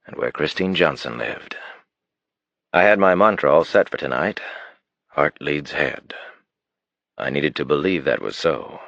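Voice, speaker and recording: Very deep gravelly male narrator. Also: no echo. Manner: expressive reading, drops to a hushed tone in romantic passages. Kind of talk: audiobook narration. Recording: dull dry studio recording.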